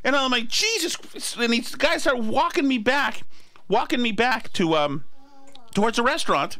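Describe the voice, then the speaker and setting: A middle-aged man hosting a podcast tells a story in a high, lively voice that swoops up and down. His tone is bright, and he rambles and mocks himself. The sound is dry and close to the mic. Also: normal speed, dry recording. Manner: rambling, self-deprecating, animated. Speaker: podcast host. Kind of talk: casual storytelling chat.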